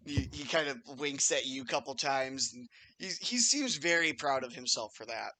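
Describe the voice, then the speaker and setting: A man's voice: medium pitch, expressive, moderate pace, bright, forceful tone. A man narrating a tabletop game as game master, casual and swearing freely. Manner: casual, swears freely, laughs at his own scenes.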